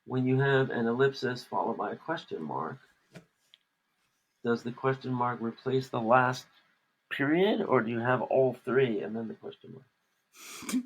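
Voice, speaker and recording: A man's voice: medium pitch, lively intonation, measured pace, pauses often, husky, poor audio. A man co-hosting a podcast, chatting casually while lettering a comic page. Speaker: comic artist and podcast co-host.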